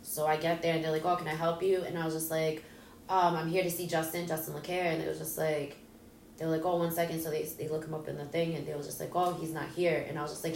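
Quick-paced and flat, her low voice dark in tone, a woman being interviewed tells an emotional personal story bluntly and rawly, swearing and playing out dialogue. A distant mic captures roomy echo, faint ambience and a little hiss or hum.

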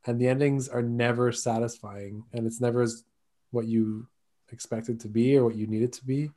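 A man's voice: medium pitch, fairly even intonation, a little fast, dark tone. Rambling, joking male podcast co-host. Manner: joking, rambling, self-correcting. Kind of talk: casual chat.

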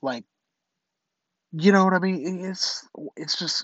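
A stuffy-nosed young man hosts his own casual podcast, rambling and stumbling over his words as he talks, with some cussing. His voice sits a touch high for a man. The recording is dry and a little dull. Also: unhurried, pauses often, fairly bright tone, dry recording. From North Carolina. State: congested, stuffy nose. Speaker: podcast host. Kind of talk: casual solo commentary.

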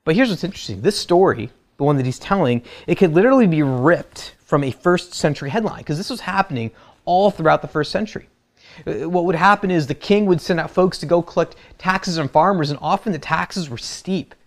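A man's voice: on the high side, expressive, a little fast. A man preaching a sermon, who retells the story in a casual, humorous way. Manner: conversational and humorous, acts out quotes. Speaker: pastor.

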